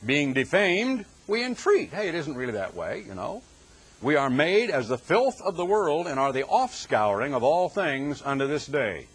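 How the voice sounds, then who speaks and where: A man's voice: a little high, big pitch swings, moderate pace, husky. A man preaching a Bible exposition sermon, emphatic, drawing out key words and rising on rhetorical questions.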